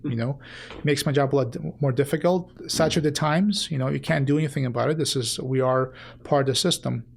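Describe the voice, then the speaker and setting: A male doctor guest with a gravelly, creaky edge to his voice. He speaks earnestly but haltingly, often pausing on fillers as he gathers his thoughts. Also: mid-range voice. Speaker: sports medicine doctor, guest. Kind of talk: casual interview chat.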